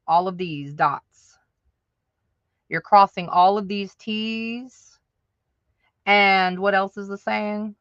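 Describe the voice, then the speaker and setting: On a casual audio-only livestream, a woman speaks directly to her audience and laughs often. Her mid-range voice comes through with no echo, though the highs are cut off.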